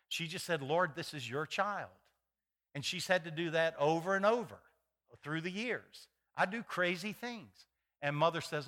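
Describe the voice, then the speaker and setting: A middle-aged male pastor preaching a sermon in a folksy, storytelling way, acting out the people in his stories. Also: fairly high pitch. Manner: animated, acts out voices in his stories; folksy, many fillers and restarts.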